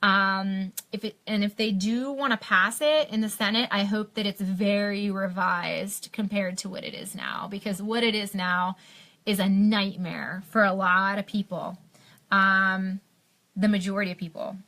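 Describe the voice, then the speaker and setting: Young american woman venting on a live stream, bright punchy voice, lots of ums and restarts. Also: mid-range voice, steady tone, a little slow. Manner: impassioned, many fillers and restarts. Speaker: health blogger on a live stream.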